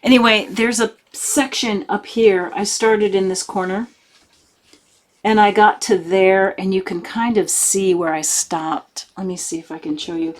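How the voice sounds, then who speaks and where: Slow-talking woman chatting to camera. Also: mid-range voice, steady tone. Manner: chatty, gushing, full of fillers. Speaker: cross-stitch vlogger. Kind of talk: casual chat to camera.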